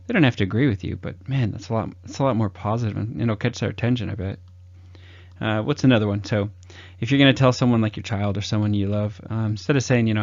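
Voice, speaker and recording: A man's voice: lowish voice, fairly quick, creaky, no echo. A man giving casual talk-style advice on conversation, chatty and loose with many fillers, acting out upbeat sample greetings. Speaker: communication advice host. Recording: dull lo-fi dry recording.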